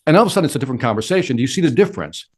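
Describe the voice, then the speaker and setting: A man's voice: mid-range voice, sing-song, rapid-fire, a little mellow, husky. A middle-aged man answering interview questions with energy, acting out quotes and his own inner talk. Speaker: sales speaker and interview guest.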